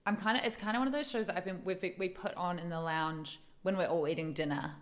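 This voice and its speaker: A woman co-host chats casually, telling animated stories and acting out what people said. She laughs often. Her voice sits a little low. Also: fast talker. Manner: animated storyteller, acts out quotes, laughs often. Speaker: podcast co-host. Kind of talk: casual chat.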